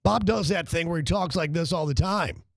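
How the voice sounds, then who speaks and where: A man's voice: fairly high pitch, normal speed, gravelly, dry recording. A man hosting a sports talk radio show in a studio, riffing and teasing his co-hosts. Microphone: studio microphone.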